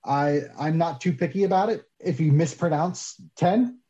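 A man's voice: a little high, moderate pace, lo-fi sound, a crowd in the background. A man speaking as a guest soap maker in a casual podcast interview, self-deprecating and opinionated, picking up energy when he argues a point.

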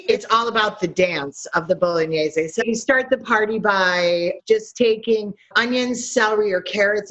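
Animated woman chef on slightly muffled audio. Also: mid-range voice. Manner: lively, animated storytelling with laughs. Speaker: chef guest. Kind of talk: interview conversation.

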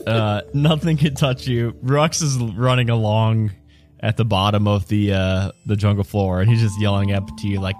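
Male game master, lowish voice, descriptive narration with frequent laughs. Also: steady tone, moderate pace, darkish tone, soft background music. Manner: descriptive, laughs between lines.

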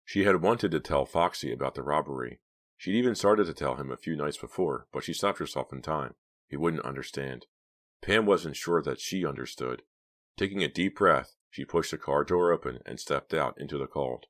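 A man narrating a novel as an audiobook, in a measured, hushed storytelling manner. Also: rumbling low, lively intonation. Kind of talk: scripted narration.

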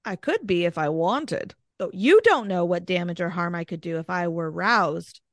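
A woman's voice: on the low side, animated, moderate pace, dry recording, clean studio sound. A boastful, threatening mongoose spirit, as a woman puts him on. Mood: menacing. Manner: dramatic quoted read-out, rising to a shout.

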